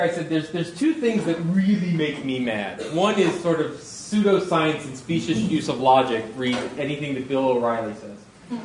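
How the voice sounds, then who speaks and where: Middle-aged guy giving a talk, laughs at himself a lot, kinda high voice, roomy hall sound. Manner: animated, self-deprecating, laughs often. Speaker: guest speaker, professor. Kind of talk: conference talk. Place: lecture hall. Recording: echoey hall, faint noise.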